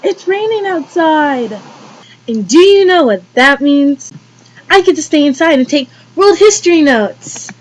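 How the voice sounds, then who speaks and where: A teenage girl talks straight to her camera in a home vlog. She is bubbly and theatrical, hamming up her jokes, and her voice sits a little high. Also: low-quality recording. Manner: bubbly, jokey and dramatic. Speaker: vlogger. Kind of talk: casual home video vlog.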